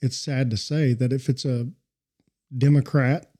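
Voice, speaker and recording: A man's voice: medium pitch, little pitch movement, unhurried, warm tone. A man co-hosting a casual chat, speaking in an earnest, reflective way. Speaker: podcast co-host.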